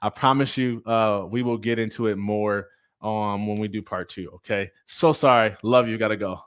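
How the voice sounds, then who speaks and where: A man's voice: on the low side, steady tone, normal speed, clean tone. A middle-aged man hosting a motivational talk, speaking with energy and preaching to his viewers. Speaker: host.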